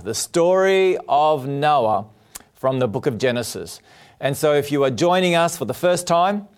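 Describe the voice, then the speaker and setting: An Australian-accented pastor preaches a sermon in a television studio before an audience, sounding earnest and welcoming and repeating key phrases. His voice is fairly high, a little mellow, and clean.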